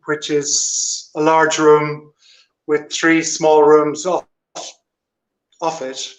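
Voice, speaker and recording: A man's voice: a little high, extremely slow. A man on a video call giving a casual, hesitant tour of an old house he is standing in. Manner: relaxed, hesitant, with frequent ums. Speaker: guest on a live video link.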